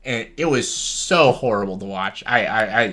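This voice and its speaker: A man's voice: fairly low pitch, animated, normal speed, pushed and bright. A man chatting casually as a video host, rambling and enthusiastic, swearing freely and often laughing. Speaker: YouTuber reviewing a reality show. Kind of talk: casual chat.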